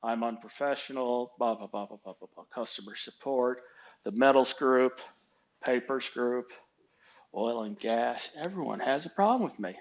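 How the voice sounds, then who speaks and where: A man's voice: medium pitch, moderate pace. Middle-aged man, blunt and sarcastic, casual rant, dull lo-fi audio. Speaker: storyteller ranting about his job. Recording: dull lo-fi recording.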